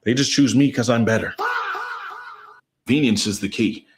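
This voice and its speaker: A man voicing a brash, boastful company come to life in a comedy skit. It brags and trash-talks with swagger in an everyday middle-pitched male voice. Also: moderate pace, background noise, close to an everyday voice. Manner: brash, cocky, trash-talking. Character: boastful personified game store company, male.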